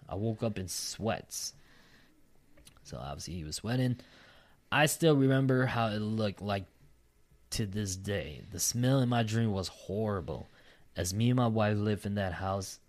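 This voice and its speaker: Low-voiced man reading stories, swearing. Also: a little mellow. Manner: profane, laughing asides between read lines. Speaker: podcast host reading listener stories. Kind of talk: casual podcast chat, reading aloud.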